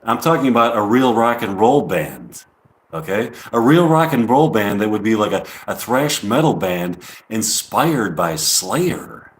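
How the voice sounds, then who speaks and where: A man's voice: fairly low pitch, very animated, measured pace, reverberant. A man doing a rambling improvised comedy monologue on a live stream, full of restarts and casual swearing.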